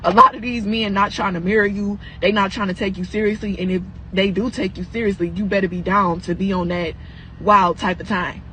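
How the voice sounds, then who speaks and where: A woman's voice: medium pitch, steady tone, a little fast, bright, forceful tone, a little hiss or hum, rough recording. A young woman in a casual vlog, lecturing with rhetorical questions. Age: young adult.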